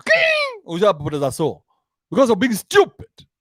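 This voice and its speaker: A Kenyan-accented man hosting a commentary show delivers a crude, mocking comic rant, mixing English and slang. His voice is fairly high and animated at a normal pace, captured in a dry, clean studio recording.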